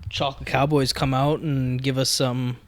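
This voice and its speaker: A man co-hosting a podcast, joking around with quick retorts in casual chat. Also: mid-range voice, little pitch movement. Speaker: podcast co-host.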